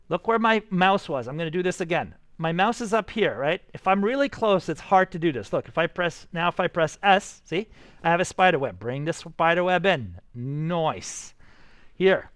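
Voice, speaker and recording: An upbeat man teaches a class, coaxing his students through every step. His voice sits high for a man. The sound is close and dry, with no room around it. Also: a bit bright, no room sound. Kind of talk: live classroom software tutorial.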